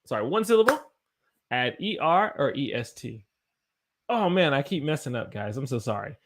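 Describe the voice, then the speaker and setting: Tired, lively American teacher. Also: male voice, mid-range voice, moderate pace. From United States. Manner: encouraging, reads out viewer sentences and corrects them. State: tired after a long day. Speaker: English teacher. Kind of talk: live-streamed English lesson.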